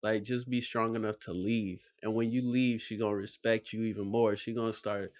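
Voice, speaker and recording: A man's voice: lowish voice, steady tone, moderate pace, a little mellow. A man hosting a reaction video, talking casually and rambling with lots of fillers. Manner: rambling, full of "like" and "you know". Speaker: reaction channel host.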